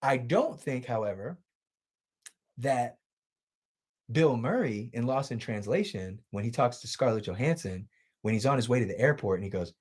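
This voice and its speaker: A male streamer talking off the cuff from a home setup, loose and profane. His pitch swings widely as he talks, lively and animated. He reads out viewer comments and throws questions to the room. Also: moderate pace, long pauses, breathy edge. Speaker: livestream host. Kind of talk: casual chat with stream viewers.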